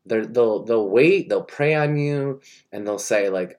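A man's voice: fairly low pitch, a little fast, darkish tone. A young man giving a rambling, mock-earnest comedic monologue and interrupting himself often.

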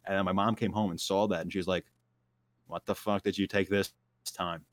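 Slangy young man, low dry voice. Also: steady tone, fairly quick, no echo. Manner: slangy, filler-heavy, laughing at his own story. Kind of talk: casual storytelling.

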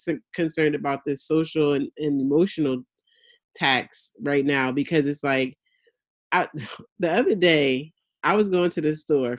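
Candid laughing mom, dry close mic. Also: female voice, sits low, dry recording. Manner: candid, laughs while venting, acts out her kids' voices. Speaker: mother of young children. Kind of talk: casual podcast conversation.

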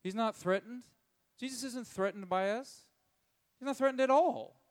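A man giving a conversational sermon, chuckling often and acting out characters' lines in quick voices. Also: very high-pitched. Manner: chuckles often while telling the story. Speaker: preacher.

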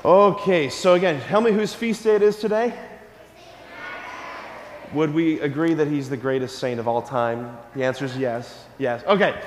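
A man who is a priest, giving a lively, conversational homily to children at Mass and asking them questions. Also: on the high side, moderate pace, a little hiss or hum. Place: large church. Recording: echoey church hall, from a distance.

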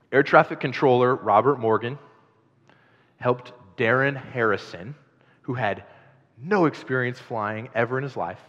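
A male pastor preaching a sermon in a conversational, animated way, with chatty asides to the congregation. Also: mid-range voice. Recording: dull sound in a long-reverb hall.

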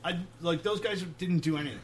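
A man, a touring musician, telling animated road stories full of swearing and acted-out quotes. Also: on the high side, brisk, a little hiss or hum. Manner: profane, animated anecdotes acting out quotes. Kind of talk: casual storytelling.

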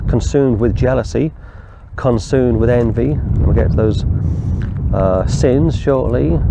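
A male preacher teaches through a passage of scripture in a deliberate, explanatory way, drifting into anecdotes along the way. His voice sits low, with a dark, mellow tone and a gravelly fry. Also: highs cut off, slight background noise. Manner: deliberate, explanatory, digresses into storytelling. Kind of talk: verse-by-verse Bible teaching.

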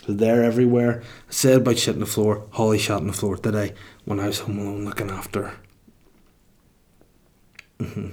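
A man's voice: on the low side, level tone, moderate pace, long pauses, darkish tone. A young man with a Northern Irish accent, hosting a podcast and telling sweary, rambling comic stories in casual chat. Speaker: podcast host.

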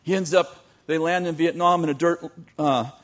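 A man telling a long story in a sermon, animated, with joking asides to his audience. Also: a little high, moderate pace. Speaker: youth teacher.

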